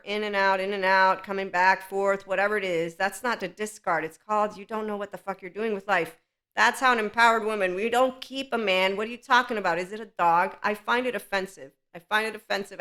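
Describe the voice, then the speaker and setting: A woman's voice: medium pitch, sharp tone. A woman hosting a spiritual self-help podcast in a solo monologue. She speaks candidly and with strong opinions, and laughs often as she goes. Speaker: podcast host.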